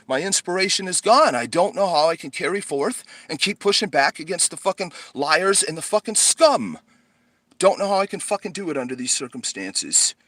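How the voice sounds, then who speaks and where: A man's voice: fairly high pitch, fairly bright tone, no room sound. Agitated, sweary man ranting to camera. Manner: agitated, swears constantly, sighs heavily. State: tired and shaky. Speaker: vlogger. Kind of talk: angry profane vlog rant. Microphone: handheld camera.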